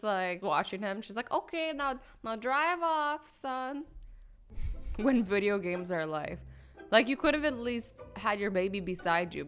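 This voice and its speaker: A woman's voice: medium pitch, fairly bright tone. A woman hosting a reaction video, commenting on clips with incredulous, scolding rhetorical questions. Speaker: YouTube reaction host.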